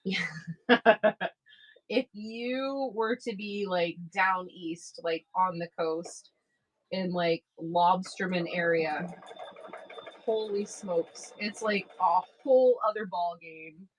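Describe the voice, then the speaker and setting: A woman's voice: fairly low pitch, takes it slowly, low-quality recording. Chatty woman sewing on a livestream. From Maine. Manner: chatty, rambling, laughs often. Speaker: craft seller on a live stream. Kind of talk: casual sewing livestream chat.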